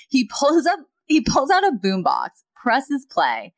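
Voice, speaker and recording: A woman's voice: mid-range voice, moderate pace, hardly any pauses. A woman co-hosting a podcast, casually retelling a sitcom plot and acting out the characters' lines. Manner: lively storyteller, acts out characters' lines. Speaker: podcast co-host.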